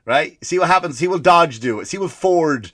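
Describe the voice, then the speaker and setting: A man's voice: fairly high pitch, lively intonation, moderate pace, fairly bright tone, no room sound, clean studio sound. A man hosting a comedy podcast, ranting profanely and firing off rhetorical questions. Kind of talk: comedic rant.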